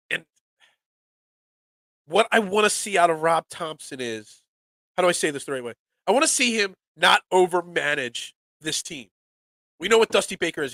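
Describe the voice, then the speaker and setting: Male sports podcast host, congested and nasal from a cold, high and bright, animated and rambling. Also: dry recording. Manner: animated, excitable, repeats words. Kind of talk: casual sports talk show.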